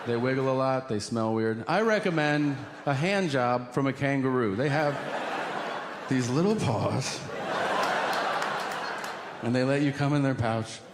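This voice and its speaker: A man's voice: mid-range voice, measured pace, pauses often. A middle-aged man doing a stand-up set for a live audience, telling stories and acting out both sides of each conversation. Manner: lively storytelling, acts out both sides of dialogue. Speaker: stand-up comedian. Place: comedy venue before a live audience. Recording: live hall recording with audience noise.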